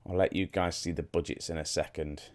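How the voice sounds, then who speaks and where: A young man with a very deep voice talks his viewers through a football management game. He rambles and thinks aloud in an easy, chatty way, asking them questions as he clicks through menus. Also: fairly even intonation, a little fast. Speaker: gaming YouTuber. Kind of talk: casual let's-play commentary.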